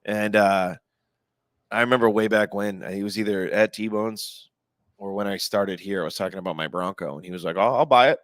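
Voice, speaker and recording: A man co-hosting a podcast, chatting casually and relaxed about working in the bar trade. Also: low voice, normal speed, dry recording. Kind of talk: casual chat.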